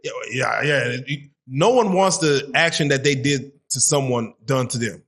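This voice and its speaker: A man hosting a casual interview who cuts in with short, probing questions. He speaks at an ordinary pitch and keeps his remarks brief. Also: expressive, normal speed, a bit bright.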